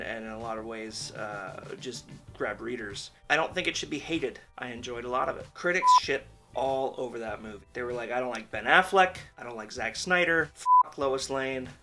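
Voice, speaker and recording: A man's voice: medium pitch, pushed and bright. A man giving a candid, rambling movie review in a casual vlog, swearing freely. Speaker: film reviewer.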